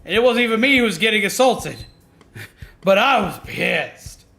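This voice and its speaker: A man's voice: high voice, expressive, normal speed, gravelly, bright, forceful tone. A man streaming, ranting heatedly to his chat, swearing a lot and often stopping to restart or repeat himself. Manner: heated, profane, emphatic; self-interrupting, repeats himself.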